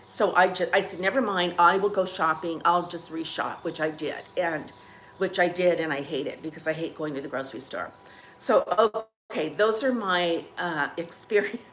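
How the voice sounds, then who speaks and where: A woman's voice: on the low side, a little hiss or hum. A woman hosting a casual coffee-chat vlog, rambling and chatty as she tells stories to her viewers. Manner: rambling, chatty, restarts and trails off. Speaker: vlog host.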